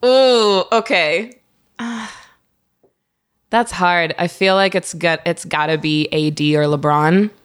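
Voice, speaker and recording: A woman's voice: lowish voice, slow pace, clean tone. A woman in casual podcast chat as a guest, laid-back and slangy, laughing often.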